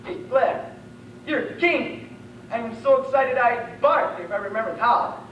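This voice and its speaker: A young man voicing a gruff, wisecracking male dog sidekick, taped in an echoey room from far off. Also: extremely high pitch, lively intonation, takes it slowly, fairly bright tone, highs cut off, a little hiss or hum, heavily acted. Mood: eager.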